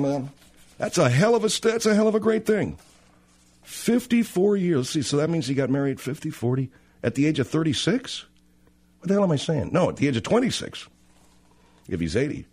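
A man's voice: a little high, darkish tone, breathy edge. A man hosting a radio talk show in a casual, brash, teasing, rambling way.

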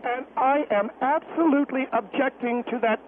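A woman's voice: sits high, moderate pace. A woman calling in to a radio show who speaks in an insistent, indignant way. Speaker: caller. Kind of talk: radio call-in. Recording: tinny radio phone line with hiss.

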